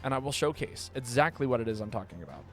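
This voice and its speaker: A man livestreams a game, talking casually and playfully in a fast, mid-range voice with vocal fry. When he gets excited he often stumbles and repeats words. Faint music plays in the background.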